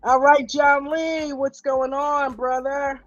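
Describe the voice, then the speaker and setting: A woman's voice: sits high, flat delivery, slow, no room sound, faint music behind. A woman hosting a casual live stream, upbeat and greeting viewers one by one. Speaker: livestream host. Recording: dull, lo-fi stream audio.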